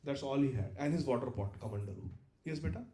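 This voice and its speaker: A man teaching a scripture class, telling a story in an animated way, acting out the dialogue and laughing often. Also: medium pitch, fast, vocal fry, reverberant. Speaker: spiritual teacher.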